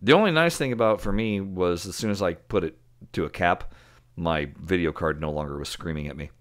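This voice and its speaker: A man's voice: low-pitched, fairly quick, a bit bright. A man co-hosting a podcast in casual chat, talking in a loose, chatty way with frequent laughs and fillers. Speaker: podcast co-host.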